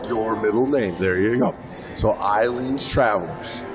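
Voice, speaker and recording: Joking male podcast host, music behind. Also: lowish voice. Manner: jokey, teasing, drawn-out words. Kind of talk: casual interview chat. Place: live event booth at a film festival.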